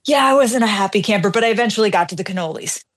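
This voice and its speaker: On her radio show, a middle-aged woman tells a story at a racing pace in a medium-pitched voice. She's casual and lively, self-deprecating, and acts out each bit of dialogue.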